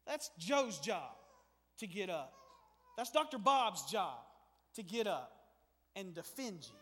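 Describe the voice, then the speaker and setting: A male preacher delivers a sermon with a strikingly high voice. He swings from hushed stretches to loud, animated bursts. The sound carries a long reverberant tail from the church hall. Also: slow pace, long pauses. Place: church sanctuary.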